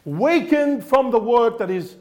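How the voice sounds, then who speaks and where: Fervent high-voiced male preacher. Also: animated, measured pace. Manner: fervent, repetitive, quizzes the congregation. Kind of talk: sermon.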